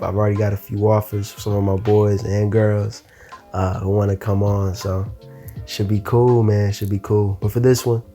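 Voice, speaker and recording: A man's voice: fairly low pitch, dark tone. A young man hosting a casual solo podcast, talking in a laid-back, slangy ramble and sounding tired. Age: young adult. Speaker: podcast host.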